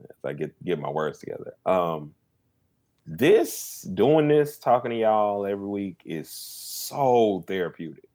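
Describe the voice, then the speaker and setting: Rambling, animated male podcast host. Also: deep voice. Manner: rambling, animated, lots of fillers and restarts. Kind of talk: casual chat.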